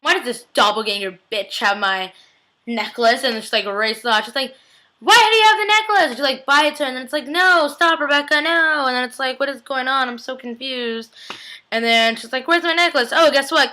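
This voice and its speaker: A woman's voice: a little high, sharp tone, rough recording. A young woman giving a casual, chatty TV episode recap, gushing and peppering her talk with "like". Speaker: TV recap vlogger.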